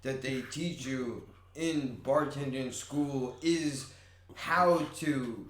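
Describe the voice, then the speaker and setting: A man with a mid-pitched voice co-hosts a podcast, chiming in relaxed and matter-of-fact. His voice sits in a roomy echo. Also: extremely slow, slight background noise. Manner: relaxed, agreeing interjections. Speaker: podcast co-host. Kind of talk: casual chat.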